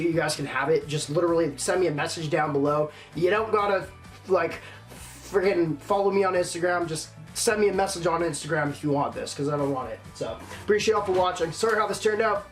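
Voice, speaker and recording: High-voiced frustrated young man ranting. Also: animated, fast, echoey room, soft background music. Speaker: vlogger. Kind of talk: casual unboxing vlog.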